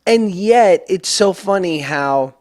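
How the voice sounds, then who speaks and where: A man's voice: high-pitched, animated, slow, a little mellow. A man from New York hosting a casual podcast chat, self-deprecating and joking.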